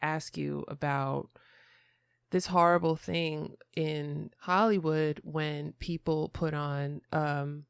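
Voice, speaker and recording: A woman's voice: low-pitched, fairly even intonation, slow, vocal fry, clean tone, dry recording, clean studio sound. Chatty woman hosting a podcast. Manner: reflective, chatty with many fillers. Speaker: podcast host. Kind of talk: podcast interview.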